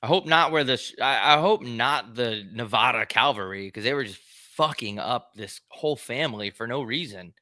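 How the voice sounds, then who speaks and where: A man's voice: medium pitch, normal speed, hardly any pauses, sharp tone, dry recording, studio quality. A young man hosting a casual solo show, riffing aloud in a crude, rambling way with lots of swearing and laughter. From United States. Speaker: podcast host.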